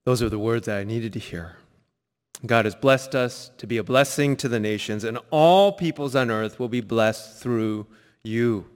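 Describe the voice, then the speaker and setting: A man preaching a sermon, telling a personal story, sometimes quiet and reflective, sometimes emphatic. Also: mid-range voice, moderate pace, long reverb tail. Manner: storytelling, shifts between soft reflective and emphatic. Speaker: pastor. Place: church sanctuary.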